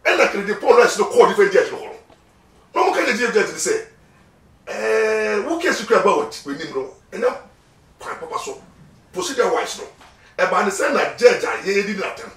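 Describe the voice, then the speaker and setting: This interview guest is a lawyer from Ghana, judging by his accent, who talks forcefully at a normal speed and keeps repeating words. His voice is high, sing-song and fairly bright, and he switches between Twi and English in lively fashion. The sound is echoey, picked up by a distant mic.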